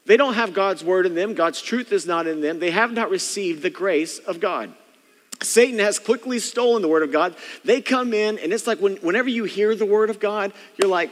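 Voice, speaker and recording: Brief: male pastor, high voice, casual preaching that mimics the congregation, long reverb of a church hall. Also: moderate pace. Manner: conversational preaching, mimics churchgoers' inner thoughts. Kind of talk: sermon.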